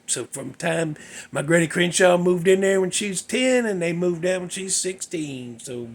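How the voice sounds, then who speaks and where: A man hosting his show, telling a ghost story in a drawling, folksy way that drops into hushed whispers. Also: on the high side. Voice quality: gravelly, raspy. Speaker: show host.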